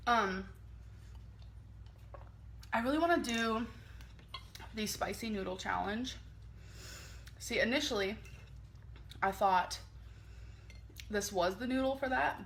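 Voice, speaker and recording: Her voice is mid-range, bright and forceful. Stuffy-nosed and breathing slightly heavily, this woman vlogger chats and rambles through a casual mukbang, taking bites of food between remarks.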